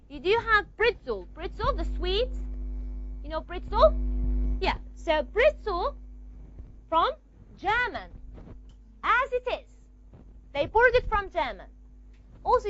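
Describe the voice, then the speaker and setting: A woman teaching a classroom lesson, explaining step by step and often checking understanding with quick questions. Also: very high-pitched, very animated, fairly bright tone, dull audio, a little hiss or hum. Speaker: language teacher. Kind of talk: classroom lecture.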